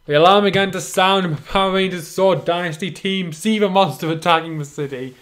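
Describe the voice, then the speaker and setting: A man's voice: high-pitched, fairly quick, fairly bright tone. Sarcastic man reading fan fiction aloud. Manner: sarcastic, interrupts the reading with wry remarks. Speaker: reader and commentator.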